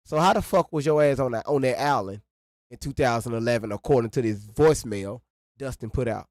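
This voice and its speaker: A man co-hosting a reaction stream delivers heated, angry, profane commentary and repeats himself for emphasis. His mid-range voice is brisk and a little mellow, with studio-quality recording and no echo.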